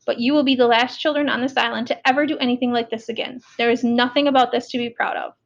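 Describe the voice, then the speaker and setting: A woman doing a stern, booming prison warden. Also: fairly even intonation, quick pace, gravelly, highs cut off. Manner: lecturing, scolding, booming. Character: stern, hot-tempered middle-aged male prison warden.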